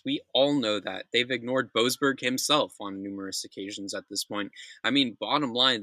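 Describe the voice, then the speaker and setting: A man's voice: medium pitch, bright, forceful tone, no room sound, rough recording. Blunt, profane man ranting. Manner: blunt, profane, opinionated, with frequent restarts. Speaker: news commentary host. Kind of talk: casual news commentary podcast.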